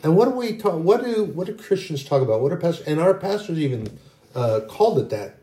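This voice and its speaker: A man's voice: a little high, sing-song, brisk, warm tone. A middle-aged man giving an informal, rambling sermon, earnest and full of restarts. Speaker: Christian video preacher.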